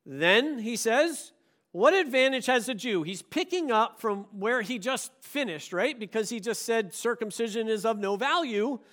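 A man preaching a sermon, emphatic and animated, leading his congregation in call-and-response. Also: sits high. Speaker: pastor.

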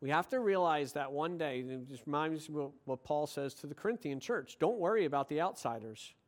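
A man preaching a sermon with passion, moving from quiet, reflective passages into excited, emphatic ones. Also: on the high side, a little fast.

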